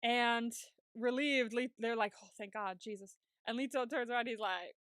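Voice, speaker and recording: A woman co-hosting a podcast, retelling a TV episode in casual chat and putting on quick voices for the characters she quotes. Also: a little high, steady tone, fairly bright tone, dry recording, clean studio sound. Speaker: podcast co-host.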